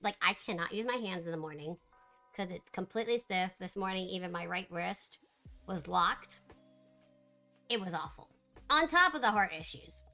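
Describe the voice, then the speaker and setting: A woman chatting casually with her live-stream viewers, animated and laughing often. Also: mid-range voice.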